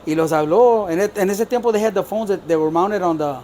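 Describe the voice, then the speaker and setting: An older man tells stories at a quick clip, his voice sitting fairly high for a man. He switches between Spanish and English, laughs as he goes and acts out what others said. His carries through both languages. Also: a little hiss or hum. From South Texas. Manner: lively, laughs while telling stories, acts out other people's lines. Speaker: guest, storyteller. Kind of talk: casual storytelling, mixing Spanish and English.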